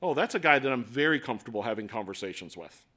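A middle-aged man preaching a sermon in a conversational, animated way with acted asides. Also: mid-range voice, fast talker, breathy edge. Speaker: pastor.

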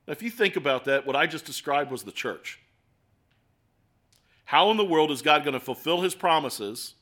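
A middle-aged man preaching a sermon, asking rhetorical questions and moving between quiet asides and emphatic points. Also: on the high side. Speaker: pastor.

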